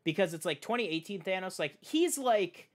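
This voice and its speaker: A man hosting a podcast, chatting casually about films with animated, profane talk full of "like". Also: sits high, moderate pace. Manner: animated, profane, heavy use of "like". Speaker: podcast host. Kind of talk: casual film chat.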